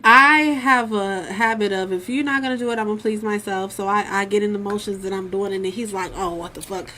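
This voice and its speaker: A woman's voice: mid-range voice, steady tone, a little fast, bright, forceful tone. A woman co-hosting a casual talk show, blunt and profane, telling stories about her dating life. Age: adult with a son. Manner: blunt and profane, tells stories with acted quotes. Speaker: podcast co-host. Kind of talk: frank casual girl talk.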